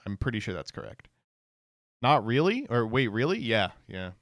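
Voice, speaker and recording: Lively, sarcastic male streamer. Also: mid-range voice, moderate pace, dry recording, clean studio sound. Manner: sarcastic, laughs often, reads text aloud. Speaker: streamer reacting to posts. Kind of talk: casual stream commentary.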